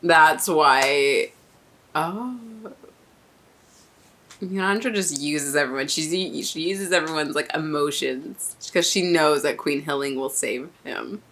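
A woman's voice: deep voice, takes it slowly, a bit bright. A young woman hosting an anime reaction video, chatting casually and getting emotional, laughing often.

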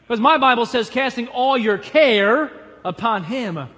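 A man preaching from the pulpit with a fairly high voice that climbs into emphatic, almost shouted calls and then sinks quiet. He acts out the people in his stories. A long church reverb trails every phrase. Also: expressive, a little slow. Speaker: pastor. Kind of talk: sermon. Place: church sanctuary.

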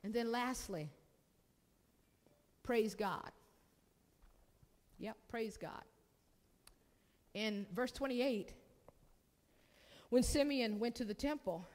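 A woman's voice: on the high side, takes it slowly, long pauses, darkish tone. Woman preaching in a reverberant hall. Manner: preaching with call-and-response and repetition. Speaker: pastor. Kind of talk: sermon. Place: church sanctuary. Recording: long reverb of a church hall.

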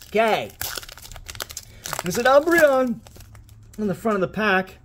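A man's voice: sits high, a bit bright, slight background noise. Profane, wisecracking man opening card packs. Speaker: pack-opening channel host. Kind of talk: casual card-opening commentary.

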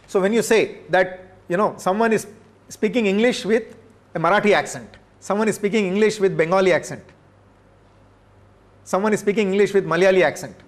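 Middle-aged male professor, higher-pitched voice, measured workshop lecture, hesitant fillers, tag questions to the room. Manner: measured, checks in with "right?" and "okay?".

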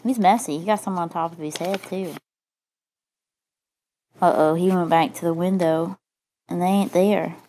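A woman improvising a silly story from pictures, playful, crude and deadpan. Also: fairly low pitch, normal speed, long pauses.

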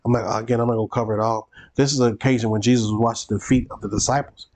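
A man's voice: mid-range voice, steady tone, very fast, a little mellow, slight background noise. A male pastor teaching a Bible study, preacherly and repeating phrases for emphasis.

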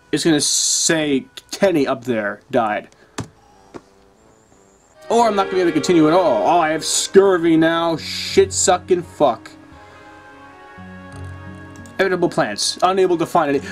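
Young male let's-player, profane and exasperated, slightly high voice, faint music under him. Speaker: let's play gamer. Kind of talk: casual gameplay commentary.

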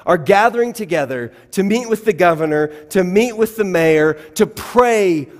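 High-voiced pastor in a reverberant church hall. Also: male voice, animated, normal speed. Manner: wry, self-deprecating conversational humor. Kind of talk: sermon with personal storytelling. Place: church sanctuary.

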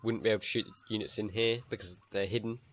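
A man's voice: lowish voice, fairly even intonation, fast, fairly bright tone. A young man giving casual let's-play commentary, swearing freely and muttering to himself as he plays. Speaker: gaming channel host.

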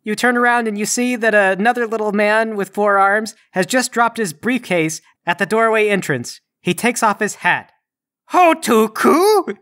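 A man narrating as game master of a comedic tabletop game in a quick, matter-of-fact way. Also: high voice, sharp tone.

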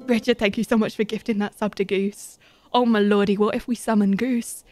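A woman streaming a game live, chatting casually and squealing with excited giggles. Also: medium pitch, a little fast, music in the background. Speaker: Twitch streamer.

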